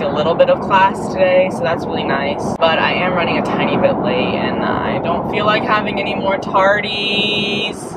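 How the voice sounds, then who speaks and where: A man's voice: sits high, heavy background noise. A young man chatting casually to camera as a vlogger, giggly and full of "like" fillers. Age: young adult. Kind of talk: casual vlog chat.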